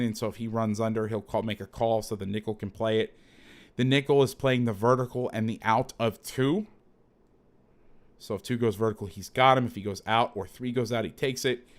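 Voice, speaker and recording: A man coaching through game film in a casual breakdown, chatty and quick to correct himself. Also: mid-range voice, fairly even intonation.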